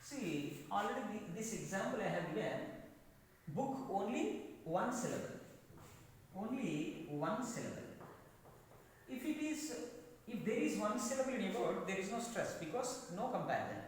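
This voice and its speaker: A man teaching a classroom lecture, speaking slowly, repeating his phrases, with frequent hesitations. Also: high-pitched, very animated, a little hiss or hum. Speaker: English teacher. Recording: echoey classroom, mic far off.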